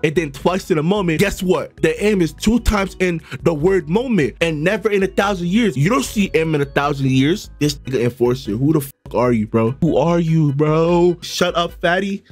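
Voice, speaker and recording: A young man streaming a casual live reaction, talking loud and profane and breaking into sudden shouts. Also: fairly high pitch, moderate pace, hardly any pauses, soft background music. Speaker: streamer reacting to a riddle video.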